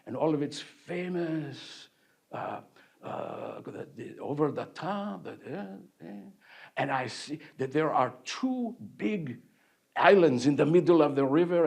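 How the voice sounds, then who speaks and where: A man performing a playful, theatrical French painter who recounts his youth with animated glee and teases the crowd. His voice sits high and swings widely, full of bounce and drama. It is a live one-man stage show in a hall. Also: creaky, exaggerated voice. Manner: animated, joking with the audience. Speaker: actor portraying a painter. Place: village hall, live audience.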